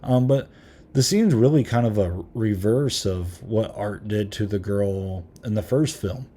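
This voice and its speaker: Low, mellow-voiced man rambling through a review. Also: measured pace, slight background noise. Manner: rambling, many filler ums; chuckles now and then. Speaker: podcast host. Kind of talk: casual movie review.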